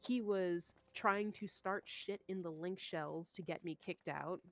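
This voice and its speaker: A young woman streamer telling a story in casual chat, animated and swearing, acting out what others said. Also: on the low side, unhurried, soft background music. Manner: animated, swearing, acts out quoted voices.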